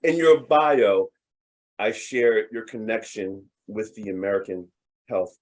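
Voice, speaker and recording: A man hosting an interview, asking questions in a halting way and often repeating his phrases. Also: lowish voice, lively intonation, darkish tone. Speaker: host. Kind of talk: interview chat.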